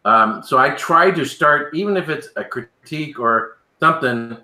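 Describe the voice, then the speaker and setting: A man's voice: fairly high pitch, lively intonation, normal speed, hardly any pauses, bright, forceful tone. A man co-hosting a casual live chat, explaining his views at length and often agreeing with "right". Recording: echoey room.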